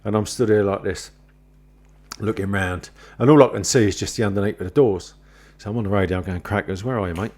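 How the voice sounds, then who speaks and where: A podcast host with a fairly low, quick voice tells a long anecdote full of swearing during casual chat. He animates the story by acting out the other people in it and quoting them.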